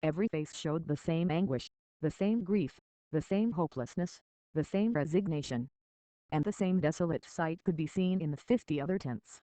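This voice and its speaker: Steady reader of a children's novel. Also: mid-range voice, moderate pace, no room sound, low-quality recording. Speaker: audiobook reader. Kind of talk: storybook narration.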